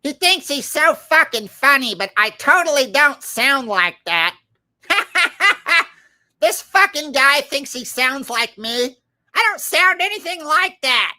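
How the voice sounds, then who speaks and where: A man's voice: very high-pitched, big pitch swings, takes it slowly, sharp tone, pitched above the performer's own voice, exaggerated voice. A man doing a comic impression of a brash, foul-mouthed middle-aged woman who rants and swears defiantly. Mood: indignant.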